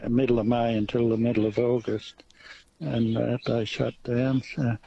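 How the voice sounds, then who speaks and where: An Australian man, a dairy farmer calling in to radio, talking in a halting way with many fillers. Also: mid-range voice, flat delivery, gravelly, mellow, slight background noise. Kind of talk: phone-in chat. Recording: dull lo-fi phone line.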